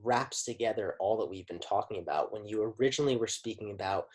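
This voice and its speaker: A man hosting a podcast who talks in a measured, affirming way and often says "you know". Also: on the low side, husky. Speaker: podcast host. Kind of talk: casual interview conversation.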